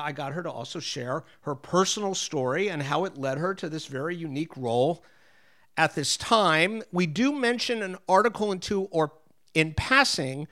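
A man's voice: a little high, fairly bright tone. A man hosting a food podcast, chatting in a restaurant dining room with restaurant sounds behind. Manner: chatty, conversational. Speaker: podcast host. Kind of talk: interview and show intro. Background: restaurant noise.

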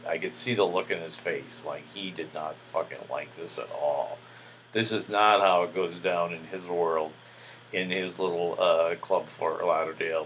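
A man's voice: low-pitched, fairly bright tone, a little hiss or hum, low-quality recording. A man hosting a podcast, telling a story in a casual, boastful, crude way with a lot of swearing. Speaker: podcast host.

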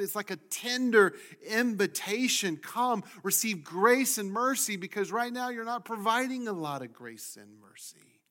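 Pastor dropping to a near-whisper. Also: male voice, high voice, lively intonation, unhurried, hardly any pauses. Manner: swings from loud emphasis to hushed near-whisper. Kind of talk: sermon.

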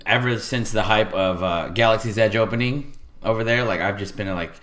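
A man's voice: fairly quick, fairly bright tone. A man joking around as a guest on a casual podcast. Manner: jokey, playful, drops into a low mutter.

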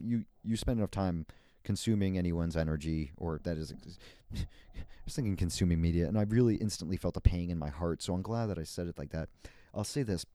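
A man's voice: low voice, mellow, dry recording. A man hosting a solo podcast, rambling in a playful, meandering way with frequent laughs and restarts. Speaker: podcast host.

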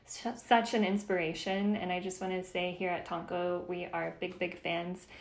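A woman's voice: fairly low pitch, flat delivery, normal speed, creaky, reverberant. A woman hosting an interview podcast over a video call, effusive and gushing, laughing often. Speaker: podcast host and producer. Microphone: video call mic.

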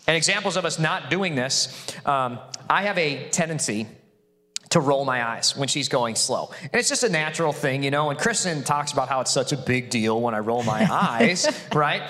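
A middle-aged man preaching a sermon with his wife, animated and jokey, full of quick asides. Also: mid-range voice. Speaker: pastor. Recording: long hall reverb.

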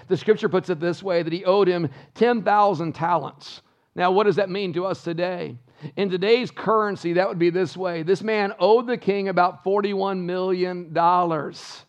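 A male pastor preaching a sermon in church, emphatic and full of rhetorical questions to the congregation. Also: sits high. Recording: dull lo-fi sound.

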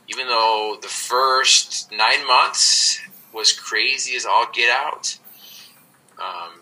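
A man's voice: on the low side, sharp tone, rough recording. A man, the podcast guest, telling his story in an earnest, reflective way. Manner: earnest, reflective, with many restarts. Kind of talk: conversational storytelling.

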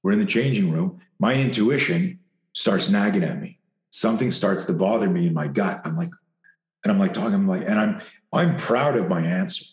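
Low-voiced male fight coach, profane and animated storyteller, roomy echoey sound. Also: moderate pace. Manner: animated, profane, acts out quoted dialogue. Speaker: fight coach and self-defense instructor. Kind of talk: anecdotal storytelling in an interview.

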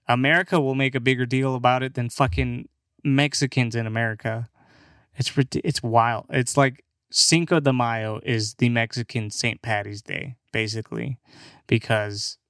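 A man hosting his podcast alone, talking casually and slowly, with lots of swearing and joking. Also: medium pitch, fairly bright tone, no room sound, clean studio sound. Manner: slow, swearing, laughs between jokes. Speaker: podcast host. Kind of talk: casual comedic monologue.

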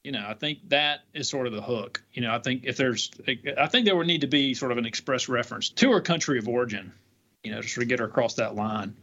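A man, a defense lawyer co-hosting a podcast, talking in an animated, chatty way with lots of hedging fillers. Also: mid-range voice, quick pace. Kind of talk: conversational legal podcast discussion. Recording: dull lo-fi audio with faint noise.

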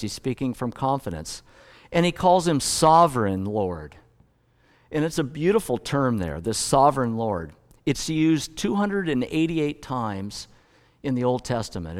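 A middle-aged man preaches a sermon in an easy, conversational way, telling stories and reading scripture at a mid-range pitch. His voice rings through a large hall with a long reverb tail. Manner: conversational, storytelling preacher with self-corrections. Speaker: pastor.

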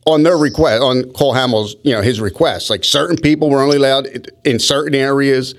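A brisk, medium-pitched man rambles through stories in a casual podcast chat. He's an animated storyteller who keeps restarting his sentences.

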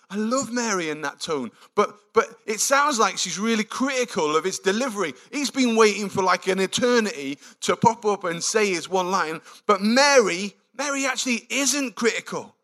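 A man preaching a sermon, telling the story with animated, acted-out quotes. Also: high-pitched, moderate pace, hardly any pauses.

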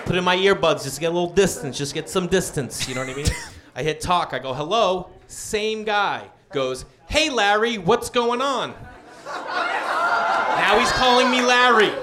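A man's voice: high voice, animated, normal speed, bright, forceful tone, soft background music. A man doing stand-up storytelling on a comedy club stage, acting out the voices in his story.

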